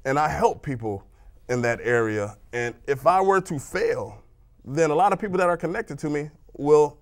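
A man's voice: a little high, lively intonation, moderate pace. A man who works as a life coach, co-hosting a local TV talk show in the studio. He speaks with repeated starts before he lands firm, quotable lines. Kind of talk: motivational studio chat.

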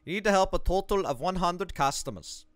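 A man's voice: high voice, animated, fairly quick, dry recording. A man playing through a game and reading a walkthrough guide aloud, breaking off for joking asides. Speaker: gaming video creator. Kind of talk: let's play commentary.

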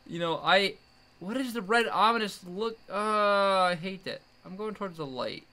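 A young man giving jumpy commentary while playing a horror game, yelling at the monster chasing him. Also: high-pitched, normal speed. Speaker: gamer.

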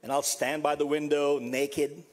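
A man from South America preaching a funeral sermon as pastor, repeating a refrain softly and building to emphatic passages. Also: little pitch movement, a little slow. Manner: repeats a refrain, dropping to a soft low voice.

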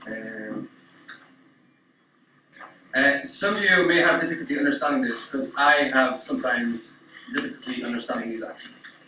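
A man's voice: mid-range voice, moderate pace, long pauses, sharp tone, a little hiss or hum. A man giving a conference talk to teachers, explaining informally with some fillers. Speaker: teacher trainer presenting. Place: conference room. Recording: echoey hall, speaker far from mic.

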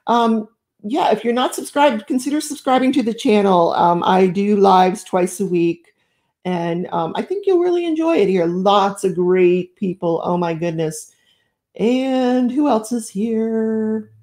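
A woman's voice: mid-range voice, lively intonation, unhurried, a little mellow. A middle-aged woman hosting a live stream, chatting casually and effusively while she crafts, greeting viewers with lots of exclamations. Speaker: livestream host.

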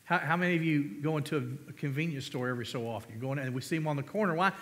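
In a church sanctuary with the long reverb of the hall, a male pastor preaches a sermon in a rapid-fire, fairly high-pitched voice. He preaches emphatically, putting rhetorical questions to the congregation and calling for amens.

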